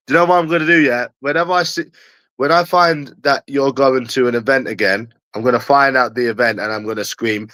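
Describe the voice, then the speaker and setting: A man's voice: medium pitch, fairly even intonation, brisk, bright, forceful tone, dry recording. A young man with a London accent, ranting in a taunting live stream and jeering at someone over and over. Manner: mocking, repetitive jeering.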